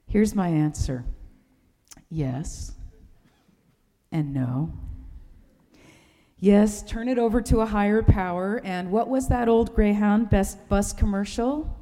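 A woman's voice: mid-range voice, slow pace, dark tone. Wry woman preaching in a reverberant church. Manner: wry, humorous storytelling. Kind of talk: sermon.

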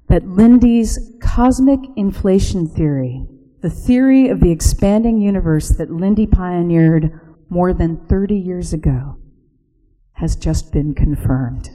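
A woman narrating a reflective spoken essay, slow and hushed, sometimes dropping to a whisper. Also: mid-range voice, in a large hall, poor audio.

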